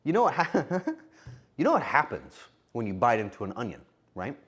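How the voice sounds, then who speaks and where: A man's voice: medium pitch, very animated, normal speed, a bit bright, slightly rough. A male streamer chatting casually with his viewers while cooking, playful and joking. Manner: playful, joking banter with chat.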